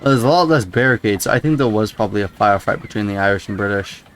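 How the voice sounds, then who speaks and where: A man with a lowish voice talks through a video game in a loose, rambling way. He muses aloud and breaks off into startled exclamations. Soft game music plays faintly behind him. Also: fast. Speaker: gameplay commentator. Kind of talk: casual let's-play commentary.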